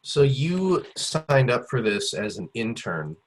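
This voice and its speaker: A man hosting a podcast, asking measured, halting questions with fillers. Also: medium pitch, sing-song, rough recording. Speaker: podcast host. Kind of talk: interview questions.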